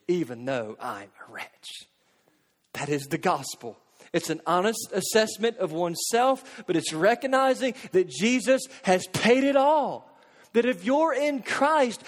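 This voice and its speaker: A man preaching a sermon, earnest, posing rhetorical questions and dropping into hushed intensity. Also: extremely high pitch. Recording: long hall reverb.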